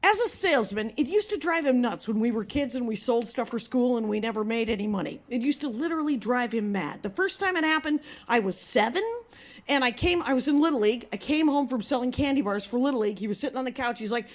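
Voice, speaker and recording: Middle-aged female stand-up, high voice, dry and wry storyteller. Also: expressive, fast. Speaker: stand-up comedian. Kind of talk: stand-up comedy set.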